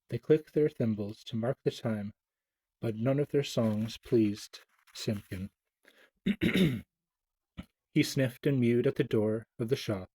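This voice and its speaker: Mellow man reading a children's storybook, dry close sound. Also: mid-range voice, slow pace, pauses often, slightly rough, dry recording. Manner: gentle, expressive reading with small stumbles.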